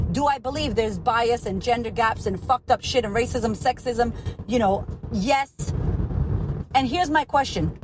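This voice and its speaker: A woman's voice: high-pitched, background noise. Fired-up, profane motivational woman. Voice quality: blunt, profane, fired-up and emphatic. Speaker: podcast host and coach. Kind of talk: impassioned motivational monologue.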